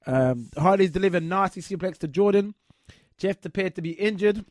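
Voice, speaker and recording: A man's voice: high voice, moderate pace, darkish tone, dry recording. Eager rambling man, dry sound. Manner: eager, rambling, many fillers. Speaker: wrestling show host and interviewer. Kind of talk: casual chat and interview.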